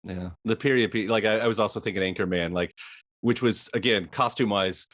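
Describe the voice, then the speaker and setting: A man from the Southern US hosts an interview in a somewhat low voice. He asks his questions loosely and conversationally, circling back and restarting as he goes. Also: fairly quick, fairly bright tone. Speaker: podcast host. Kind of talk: casual interview.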